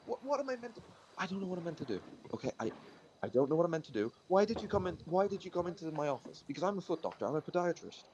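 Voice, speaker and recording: A man's voice: on the high side, sing-song, racing, darkish tone, dull audio, a little hiss or hum, pitched above the performer's own voice. A man playing a polite, flustered doctor who stammers and apologizes.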